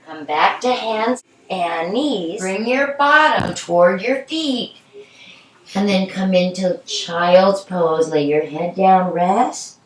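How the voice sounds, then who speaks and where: A middle-aged woman guiding a children's yoga class in a gentle, encouraging, playful way. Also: mid-range voice, slow pace. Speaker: yoga instructor. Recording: echoey room, from a distance.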